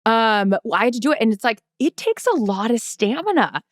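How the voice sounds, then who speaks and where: Lively woman telling a story on a podcast. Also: on the high side, brisk, no room sound, clean studio sound. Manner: lively, swearing, acts out quotes in anecdotes. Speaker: podcast co-host. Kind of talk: casual chat, storytelling.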